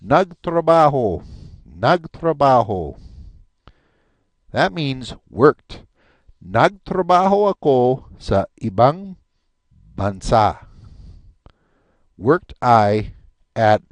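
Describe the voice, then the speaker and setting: A man teaching a recorded language lesson, patiently repeating each word slowly with chatty asides. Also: medium pitch, sing-song, no echo. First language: English.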